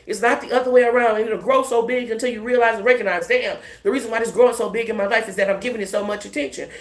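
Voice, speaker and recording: A woman tarot reader in casual spiritual talk, swearing, laughing and emphatic. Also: medium pitch. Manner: profane, animated, laughing, emphatic. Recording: echoey room with faint hiss.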